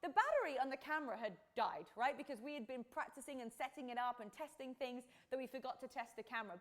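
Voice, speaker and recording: A high-voiced woman in her thirties with an English accent softened by years abroad, part Australian, part American. She talks in a bubbly, exclaiming way and acts out little quotes as she chats on a live stream. Her voice is picked up close by a lapel mic. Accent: English mixed with Australian and American. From England. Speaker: fitness podcast host. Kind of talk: casual live-stream chat.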